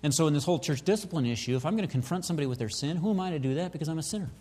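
Pastor with hall reverb. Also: male voice, a little high, animated, rapid-fire, a little mellow. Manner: questioning, thinks aloud with repeats. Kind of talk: sermon.

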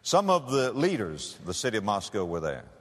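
A man's voice: lowish voice, huge pitch swings. Man preaching in an echoing hall. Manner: dramatic, with big swings between soaring and hushed phrases; slow, drawn-out emphasis on key words. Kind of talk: sermon. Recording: long reverb of a large hall.

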